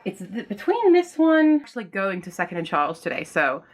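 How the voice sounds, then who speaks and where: Woman book vlogger, casual chat at home, chatty and excitable, laughs easily, swears now and then. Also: mid-range voice, brisk. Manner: chatty and excitable, thinks aloud, laughs often; swears casually when frustrated. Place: home room with bookshelves.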